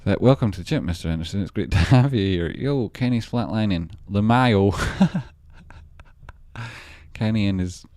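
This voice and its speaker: A man with a very low voice hosts a casual livestream and talks to his viewers. He rambles and jokes while he reacts to chat messages. The sound is dry and close, with no room echo. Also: normal speed, darkish tone. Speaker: trading livestream host.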